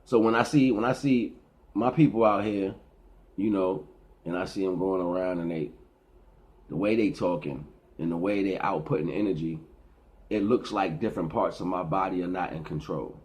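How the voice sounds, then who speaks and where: A man's voice: low-pitched, moderate pace, a little mellow. Rambling middle-aged man preaching. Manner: rambling, preachy, repeats and restarts. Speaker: vlogger. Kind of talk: casual philosophical monologue.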